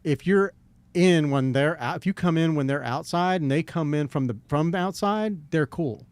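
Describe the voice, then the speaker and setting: A man's voice: a little high, normal speed, darkish tone, clean tone, no room sound. An older man hosting a podcast, telling crude, joking stories in casual chat. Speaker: podcast host.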